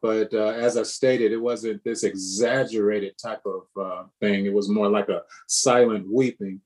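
A man's voice: fairly low pitch, steady tone, unhurried, darkish tone. A man leading a Bible study group, teaching and preaching with repetitions and questions to the group. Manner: preacherly, repeats himself, asks the group questions.

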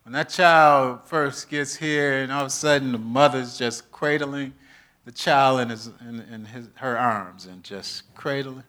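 A man preaching a sermon, with funny asides that drop to a soft voice and swing back to loud, lively preaching. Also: medium pitch, unhurried. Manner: animated, humorous preaching with sudden soft asides. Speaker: pastor.

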